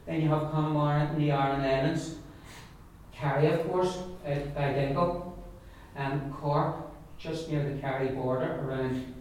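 A man with an Irish accent teaching an Irish language class, repeating words slowly for learners to copy. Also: a little high, fairly even intonation, darkish tone, a little hiss or hum. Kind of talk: classroom lesson. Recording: echoey room, recorded from a distance.

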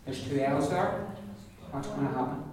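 A man teaching a pronunciation class, patiently repeating words slowly for learners. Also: mid-range voice, darkish tone, a little hiss or hum. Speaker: Irish language teacher. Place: classroom with students. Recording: echoey classroom from far off, group around.

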